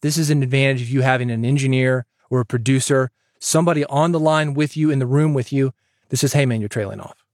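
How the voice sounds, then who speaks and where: A man hosting a podcast, giving advice in an energetic, chatty way that jokes with the listener. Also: mid-range voice, fast, dry recording, clean studio sound. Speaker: podcast host and coach.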